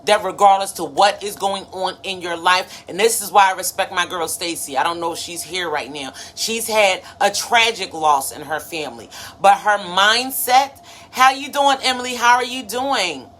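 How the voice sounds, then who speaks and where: A woman's voice: fairly low pitch, normal speed, few pauses, fairly bright tone. A woman in her thirties hosting a motivational live stream, preachy and conversational, greeting viewers by name. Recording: faint background noise.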